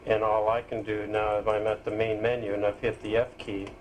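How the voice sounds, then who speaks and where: Man, software demo, low voice, halting explanation, faint hiss. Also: little pitch movement, low-quality recording. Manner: halting explanation with pauses and fillers. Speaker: programmer demonstrating his screen reader. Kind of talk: casual software demonstration.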